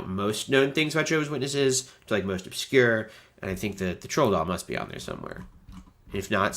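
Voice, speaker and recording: A man in his thirties from the United States with a stuffy nose, hosting a chatty, animated livestream. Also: on the low side. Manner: chatty and animated, many fillers. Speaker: host. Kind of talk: casual livestream chat.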